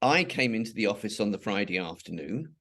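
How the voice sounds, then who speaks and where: A man's voice: lowish voice, sing-song, fairly quick, fairly bright tone. A middle-aged or older man from England, telling stories in a rambling interview style with many restarts and asides. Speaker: interviewee, charity founder. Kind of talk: conversational interview storytelling.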